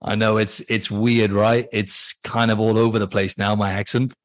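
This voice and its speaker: A man's voice: lowish voice, level tone, normal speed. A man from Wales with an accent mixing Welsh and Australian, chatting casually as a podcast guest and laughing easily. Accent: Welsh mixed with Australian. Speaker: podcast guest, fitness coach. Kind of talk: casual interview chat.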